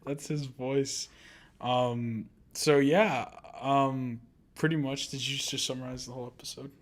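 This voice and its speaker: A man's voice: mid-range voice, little pitch movement, measured pace. A man co-hosting a casual anime podcast who keeps breaking into laughter and losing his train of thought. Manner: giggly and easily distracted, often breaking into laughter. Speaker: podcast co-host.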